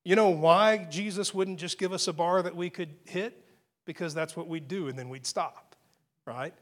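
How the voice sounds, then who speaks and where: A man's voice: high-pitched, normal speed, a bit bright. A man preaching a sermon as pastor, in a conversational way with frequent fillers and repeated phrases.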